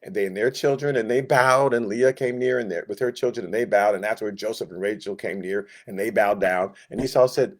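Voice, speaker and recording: A man's voice: lowish voice, brisk, few pauses. A man teaching a Sunday school Bible lesson, telling the story in a casual, joking way and acting out what the characters say in different voices.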